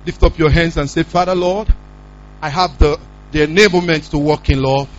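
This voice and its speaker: A man preaching a sermon, telling a personal story with lively acted-out dialogue and repeating "praise God" between lines. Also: fairly high pitch, normal speed, lo-fi sound, slight background noise. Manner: animated storytelling, repeating "praise God", acting out quoted voices.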